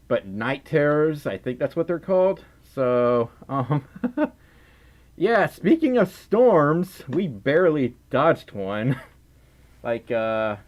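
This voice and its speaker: Giggly tired Southern man, lively pitch. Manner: giggly, rambling, playful. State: tired, sleep-deprived. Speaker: livestream host. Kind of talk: casual livestream chat.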